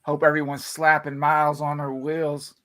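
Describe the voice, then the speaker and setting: A man's voice: on the high side, monotone, normal speed, pushed and bright. A man co-hosting a casual livestream, laid-back and joking, talking directly to viewers. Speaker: livestream co-host.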